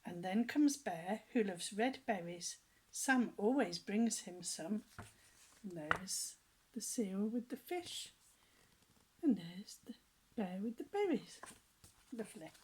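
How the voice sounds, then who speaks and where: A woman reading picture books aloud to children, gentle, with chatty asides and some lines whispered. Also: medium pitch, expressive, slow pace, pauses often, breathy edge, poor audio.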